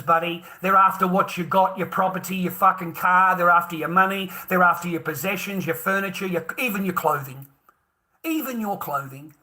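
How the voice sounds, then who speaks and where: A man's voice: high voice, sharp tone. A middle-aged Australian man in a heated, profane rant, scornful and laughing bitterly. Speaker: vlogger. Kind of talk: angry ranting monologue.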